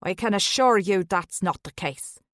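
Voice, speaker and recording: A woman's voice: mid-range voice, measured pace, fairly bright tone, no room sound, studio quality, close to an everyday voice. A woman voicing an Irish taxi driver, blunt. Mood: blunt, matter-of-fact.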